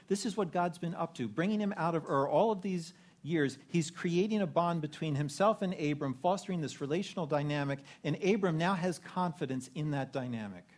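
A man's voice: a little high, a little mellow. A man preaching a sermon in a conversational way, posing rhetorical questions to his listeners. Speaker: pastor.

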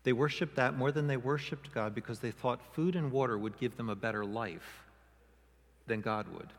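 A man delivers a sermon in a church sanctuary, his middle-pitched voice carrying a long reverb tail. He preaches expressively, lifting his voice when he acts out quoted speakers and stressing the key lines. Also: moderate pace. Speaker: pastor.

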